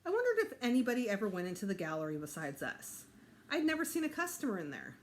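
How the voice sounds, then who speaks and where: A woman teacher reading a children's chapter book aloud to her students in an expressive way. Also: medium pitch, fast, a little hiss or hum. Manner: expressive, animated.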